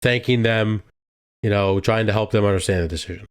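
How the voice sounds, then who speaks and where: Steady young man hosting a podcast. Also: fairly low pitch, a little fast, smooth. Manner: steady, leads the segments, asks questions. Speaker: podcast co-host. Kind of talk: casual chat.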